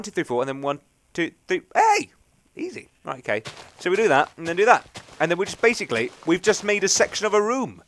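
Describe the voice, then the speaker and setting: A young man hosting a gaming channel speaks in a slightly high, somewhat bright voice. His let's play commentary is rambling and chatty, and he often pokes fun at himself.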